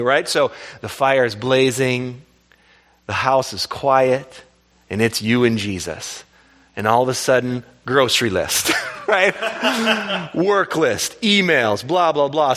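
A pastor preaching a lively sermon, asking the congregation questions and laughing along. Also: male voice, medium pitch.

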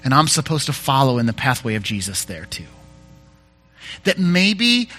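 A man's voice: medium pitch, big pitch swings, moderate pace, bright, forceful tone, faint music behind. A male pastor giving a conversational sermon, candid and self-deprecating, often restarting his sentences.

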